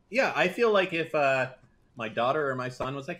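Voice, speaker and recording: A middle-aged man bickering on a live stream in a high, lively voice that swoops up and down. He swears constantly and throws out blustering mock threats. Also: normal speed. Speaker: stream guest and panelist. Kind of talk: heated stream banter.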